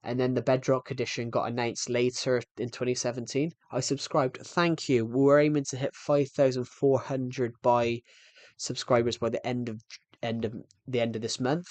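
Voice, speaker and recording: A man's voice: mid-range voice, a little mellow, no room sound. Guy in his 20s live streaming, kinda out of breath, rambly, dry close sound. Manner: rambling, restarts sentences, thanks viewers. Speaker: game streamer. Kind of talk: casual live-stream chat.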